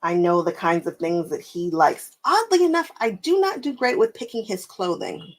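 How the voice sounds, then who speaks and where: A woman hosting a casual crafting live stream, chatting with viewers while she sews, animated and often laughing, repeating phrases for emphasis. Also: fairly low pitch, normal speed, poor audio. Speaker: quilting live stream host. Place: home sewing room.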